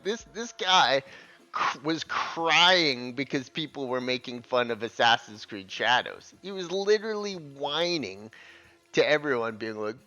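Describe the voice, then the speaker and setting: A man's voice: mid-range voice, fairly bright tone. A man ranting scornfully in gaming commentary, swearing heavily as he reacts to clips. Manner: profane, scornful, heated. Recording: dull lo-fi audio with faint music.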